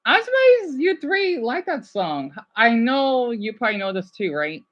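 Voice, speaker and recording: Woman vlogger, chatty and excitable, a bit high-pitched, dull lo-fi audio, faint music behind. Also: measured pace. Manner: chatty, excitable, stumbles over words. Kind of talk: casual chat to viewers.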